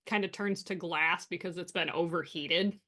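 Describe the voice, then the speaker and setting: A man's voice: high-pitched, steady tone, moderate pace, pushed and bright. A man playing in a tabletop game, chatting casually with wry, curious quips. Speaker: player.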